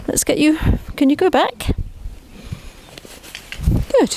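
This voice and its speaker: A woman explains her training as she works an animal outdoors. Her voice sits fairly high but has a soft, mellow tone. She keeps up a stream of coaxing, upbeat praise over a faint background hiss. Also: expressive, takes it slowly, creaky. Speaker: horse trainer. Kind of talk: explaining training while working. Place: outdoors by a trailer.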